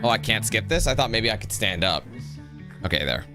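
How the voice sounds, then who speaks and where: A man's voice: on the low side, big pitch swings, fairly quick. A man giving casual let's-play commentary, chatty and reading game text aloud. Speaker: gameplay streamer. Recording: voice over game audio with faint music.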